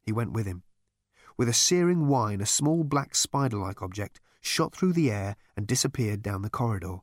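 A man narrates a scripted audiobook in an expressive, storytelling style. His voice is fairly low and moderately paced, recorded with clean studio sound and no room sound.

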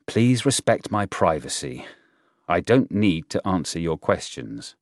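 A proper, buttoned-up male professor, stiff and formal, bristling when pushed, as a man reads him. Low voice, close and dry. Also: big pitch swings, a little slow, no room sound, exaggerated voice. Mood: cold. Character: polite, formal scientist professor, man, easily offended.

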